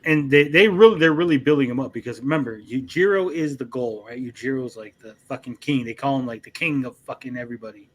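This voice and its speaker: A young man co-hosting an anime review show, recapping episodes in casual chat, swearing freely and jumping into quick character voices. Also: mid-range voice.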